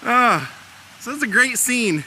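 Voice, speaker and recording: Chatty man with a very bright voice. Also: very high voice, expressive, slow, slight background noise. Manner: chatty, laughs often while retelling. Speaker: film location tour guide. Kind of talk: casual vlog narration. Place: outdoors at filming locations.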